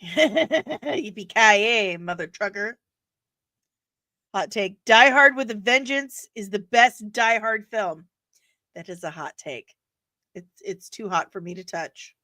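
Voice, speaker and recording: A woman hosting a casual live stream, chatting playfully with sudden bursts of loud energy. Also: medium pitch, unhurried, no room sound, clean studio sound.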